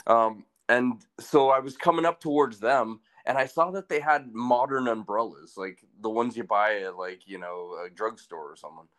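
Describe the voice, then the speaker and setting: A man co-hosting a podcast, telling crude, deadpan jokes in casual chat. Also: mid-range voice, moderate pace, hardly any pauses. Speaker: podcast co-host.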